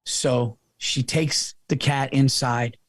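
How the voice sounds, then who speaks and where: A man guest on a podcast, telling a long story in a casual, profane, animated way and often calling the listener "dude". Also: medium pitch, slow, no echo.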